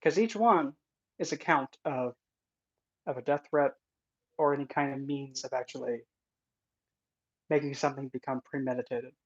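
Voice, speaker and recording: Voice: mid-range voice, normal speed, long pauses. An occult content creator giving casual vlog commentary in an indignant, sarcastic manner. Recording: dull lo-fi recording.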